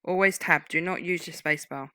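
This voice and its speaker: A woman's voice: fairly low pitch, moderate pace, bright, forceful tone, clean tone, no echo, poor audio. Patient woman teaching typing. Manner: patient, explains legal terms step by step. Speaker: typing tutor. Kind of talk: screen-recorded typing lesson.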